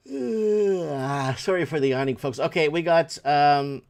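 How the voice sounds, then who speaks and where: A man's voice: a little high, fairly even intonation, normal speed, clean tone. A middle-aged man hosting a livestream show, talking casually in a rambling, blunt way and swearing freely.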